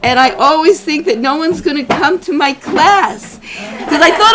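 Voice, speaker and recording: A woman's voice: high voice, animated, moderate pace, a crowd in the background. A middle-aged woman, a rebbetzin, giving a heartfelt religious class to a small room, emotional and fond of repeating her phrases. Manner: emotional, repeats phrases, warmly greets arrivals.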